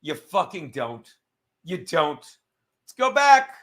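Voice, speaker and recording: Male host, high bright voice, crude mocking sports rant. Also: sing-song, takes it slowly. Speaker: show host.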